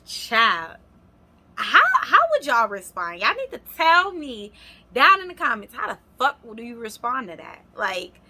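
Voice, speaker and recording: A woman's voice: fairly high pitch, very animated, a little slow, sharp tone. A young adult woman, animatedly telling a storytime vlog and speaking straight to her viewers. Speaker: vlogger. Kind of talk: storytime vlog, casual chat.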